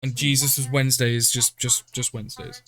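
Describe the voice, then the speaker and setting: A man's voice: mid-range voice, flat delivery, moderate pace, fairly bright tone. A man at a tabletop game, joking in a laid-back way. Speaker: player. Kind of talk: casual tabletop game chat.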